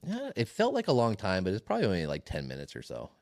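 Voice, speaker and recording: Low-voiced man telling a story. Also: quick pace, dry recording, studio quality. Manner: swearing, animated retelling with laughs. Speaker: podcast co-host. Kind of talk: casual storytelling chat.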